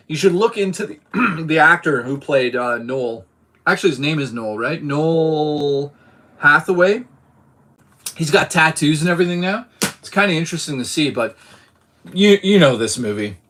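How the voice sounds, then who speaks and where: A man from Boston, his voice on the high side and a bit bright, streams live. He chats casually about his movie collection and reads out chat messages, swearing now and then.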